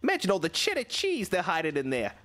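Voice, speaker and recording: A man's voice: high voice, huge pitch swings, quick pace, fairly bright tone. A man streaming a video game with casual, joking commentary and frequent swearing.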